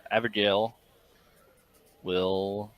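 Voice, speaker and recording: A man's voice: lowish voice, flat delivery, extremely slow, dull audio. A man playing a tabletop game, speaking casually and a bit hesitantly. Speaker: player.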